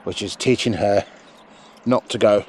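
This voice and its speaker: A man training a sheepdog out in a sheep field, calmly explaining each step and breaking off to call the dog in a high, loud voice. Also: measured pace, a little hiss or hum. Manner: relaxed explaining, broken by high shouted calls to the dog. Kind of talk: outdoor training demonstration with commentary.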